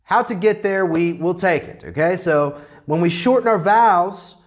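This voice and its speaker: An American man teaching English grammar in a classroom lecture, animated and checking in constantly with "okay?". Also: high-pitched, moderate pace. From United States.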